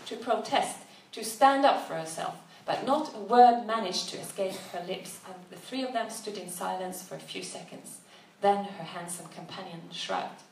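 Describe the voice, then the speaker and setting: Woman reading a story in a roomy room. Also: medium pitch. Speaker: narrator. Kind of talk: storybook narration. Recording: roomy, distant mic, faint background noise.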